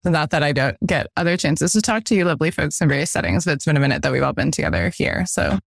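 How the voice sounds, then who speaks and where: A woman's voice: sits low, animated, quick pace, gravelly, no echo, studio quality. Upbeat woman co-host greeting listeners. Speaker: podcast co-host. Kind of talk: casual podcast chat.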